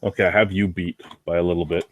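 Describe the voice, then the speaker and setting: A man's voice: low-pitched, flat delivery, fast. A man guesting on a casual chat, telling stories in a dry, self-deprecating, sweary way from a basement. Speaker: guest reviewer.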